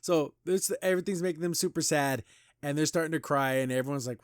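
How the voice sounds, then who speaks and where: A man's voice: a little high, fast, no room sound, studio quality. A man hosting a podcast, loosely recapping a cartoon episode with lots of "like" and restarts. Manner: loose retelling with frequent "like" and restarts. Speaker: podcast host.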